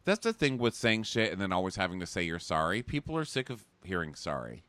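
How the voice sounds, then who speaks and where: Sarcastic man with a lively bright voice. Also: sits low, brisk, no room sound. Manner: sarcastic, acts out quotes in mocking voices. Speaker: podcast co-host. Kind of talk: casual chat recapping a TV show.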